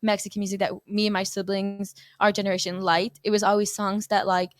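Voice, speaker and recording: A young woman from Texas, a softball player who is a guest on an interview show, chatting casually and telling lively stories with frequent laughter. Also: mid-range voice, fairly quick, no echo, clean studio sound. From Texas, USA. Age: young adult.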